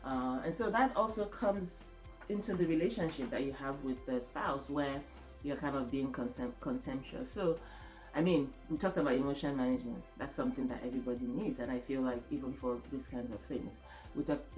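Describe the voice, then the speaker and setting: A woman's voice: a bass voice, brisk, a little mellow, soft background music. A woman co-hosting a podcast, talking in an earnest, reflective way and often checking in with "right?". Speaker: podcast co-host. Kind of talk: casual podcast chat. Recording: roomy echoey room.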